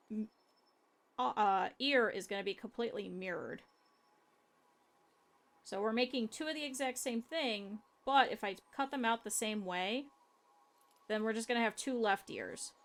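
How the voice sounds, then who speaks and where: A woman's voice: fairly high pitch, animated, moderate pace, pauses often, fairly bright tone. A woman streamer chatting her viewers step by step through cutting and sewing a plush, explaining as she works. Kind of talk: casual step-by-step craft tutorial.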